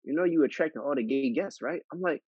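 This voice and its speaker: A man hosting a podcast, telling stories with animated acted-out dialogue. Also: a little high, fast talker, breathy edge, dry recording, dull audio. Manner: animated storyteller, acts out dialogue. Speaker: podcast host. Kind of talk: casual chat.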